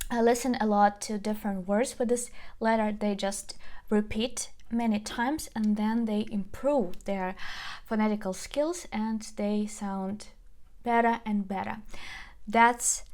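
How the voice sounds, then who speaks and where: A young adult woman from Ukraine with a Ukrainian accent, a language teacher slowly coaxing listeners to repeat sounds in a pronunciation lesson. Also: medium pitch. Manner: slow, coaxing, drills sounds aloud.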